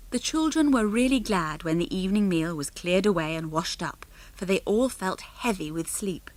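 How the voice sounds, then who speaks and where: A woman narrating an audiobook with clear, measured storytelling into a close studio microphone. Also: fairly low pitch, lively intonation, dry recording. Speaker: audiobook reader. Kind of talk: scripted narration.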